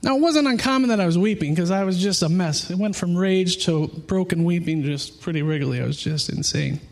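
A man's voice: high-pitched, brisk. A man in his thirties preaching a sermon, earnest and emotional, mixing personal testimony with scripture in a conversational way. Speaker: pastor.

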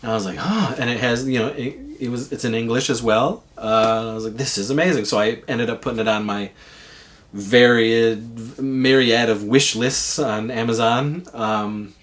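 A man's voice: mid-range voice, steady tone, moderate pace, a bit bright. Casual male storyteller, rambling and loose, swears freely. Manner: rambling, swears, lots of fillers.

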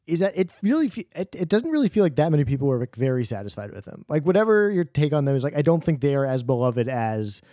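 A man co-hosting a podcast, chatting casually about films and TV, talking in quick bursts. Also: a little high, sing-song, dark tone, dry recording, clean studio sound. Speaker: podcast co-host. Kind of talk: casual chat.

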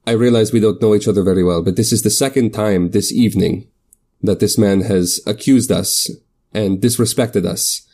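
A man's voice: on the low side, steady tone, moderate pace, warm tone. A man voicing a bold male crew member who complains with formal, mock-polite indignation. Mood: indignant.

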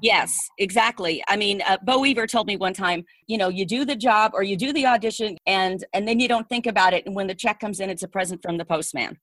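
A woman voiceover coach hosting an interview, relaxed and telling anecdotes. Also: medium pitch, fairly quick, hardly any pauses. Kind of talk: conversational interview.

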